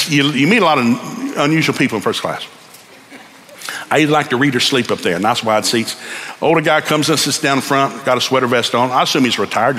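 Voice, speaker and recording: A man preaching a sermon in a church, telling stories in an animated way and building up to shouts. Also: medium pitch, slight background noise. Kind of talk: sermon with storytelling.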